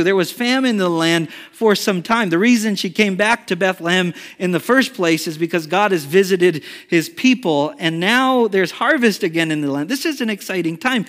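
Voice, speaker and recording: Male pastor, high voice, chatty animated preaching, echoing church hall. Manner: conversational, animated storytelling with rhetorical questions. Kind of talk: sermon.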